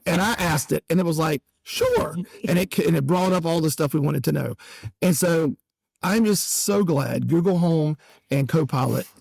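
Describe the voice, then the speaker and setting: A man's voice: fairly high pitch, normal speed, gravelly, a little mellow, breathy edge, no room sound. A middle-aged man co-hosting a podcast who is also a pastor, cracking dry teasing jokes in casual banter.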